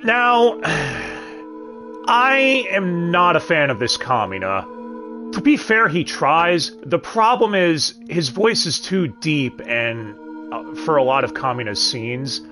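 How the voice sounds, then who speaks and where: A man's voice: on the high side, very animated, slow. A man hosting a casual review show, talking in a chatty way with joking asides. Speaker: host. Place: home streaming setup. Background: background music.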